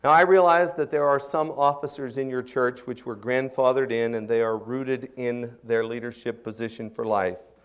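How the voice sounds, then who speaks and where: A man's voice: medium pitch, steady tone, moderate pace, clear, resonant tone. A middle-aged man preaching a sermon as a pastor, earnest and emphatic, building in intensity as he drives his points home.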